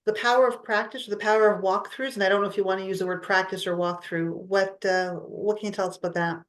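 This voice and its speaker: A woman's voice: mid-range voice, fairly even intonation, fast talker. A woman lawyer hosting an interview, asking hesitant, searching questions. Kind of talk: conversational interview.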